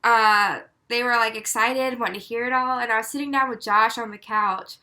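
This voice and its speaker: A woman's voice: on the high side, moderate pace. A woman in her twenties, co-hosting a podcast, telling a story in casual chat and acting out what people said with many "like"s. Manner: animated storyteller, acts out quotes with many "like"s. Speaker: podcast co-host.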